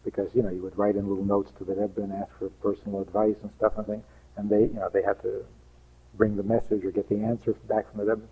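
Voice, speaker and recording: A man's voice: lowish voice, level tone, fast talker, breathy edge, phone-quality sound. A man, a rabbi, giving an emphatic teaching talk full of rhetorical questions and acted-out quotes.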